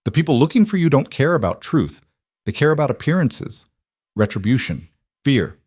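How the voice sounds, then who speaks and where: A man voicing a cold, commanding mafia boss of about forty, speaking in a calm, measured and quietly threatening way. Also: mid-range voice, slightly rough, no room sound, studio quality, pitched above the performer's own voice.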